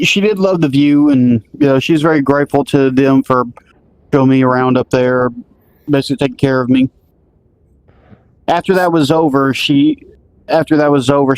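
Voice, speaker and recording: A man's voice: mid-range voice, smooth, no room sound. A man casually telling a road story, rambling and restarting, acting out the dialogue he recalls. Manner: rambling, restarts often, acts out quoted dialogue.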